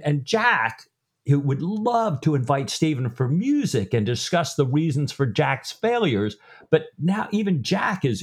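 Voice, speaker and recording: Male co-host, conversational and reflective, mid-pitched voice. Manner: conversational, reflective, some hesitations. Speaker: podcast co-host. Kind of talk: book discussion.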